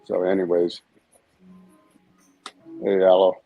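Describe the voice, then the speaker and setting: A man's voice: low-pitched, monotone, takes it slowly, creaky, phone-quality sound, faint music behind. A man co-hosting a live stream, ranting in a brash, profane, confrontational way. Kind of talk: heated live-stream rant.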